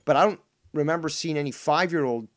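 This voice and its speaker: A man's voice: a little high, fairly quick. A man hosting a livestream, rambling and swearing as he mocks a rival and reads chat. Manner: rambling, profane, mocking, many fillers. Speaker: livestream host. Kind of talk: casual livestream commentary.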